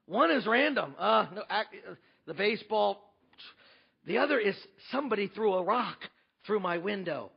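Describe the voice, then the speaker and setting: A man preaching a sermon as pastor, emphatic, with rhetorical questions, swinging between loud and hushed. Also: high voice, animated, normal speed, vocal fry, slightly rough, lo-fi sound.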